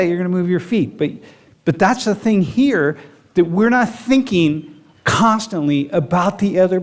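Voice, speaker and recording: A man lecturing to a university class, talking in an animated, rambling way with constant fillers. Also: high-pitched. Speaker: university professor. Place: large lecture hall. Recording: long hall reverb.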